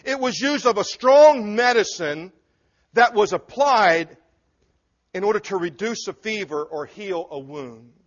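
A man's voice: high-pitched, expressive, measured pace. A man preaching a sermon to a congregation in an earnest, emphatic way, with asides to the listeners. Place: church before a congregation. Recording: dull lo-fi recording.

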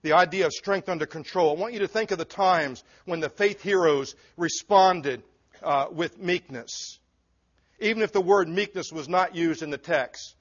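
A man preaches to a congregation in an earnest, emphatic manner, turning now and then to speak directly to his listeners. His voice sits a little high for a man. The church recording sounds dull and muffled. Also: moderate pace. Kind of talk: sermon.

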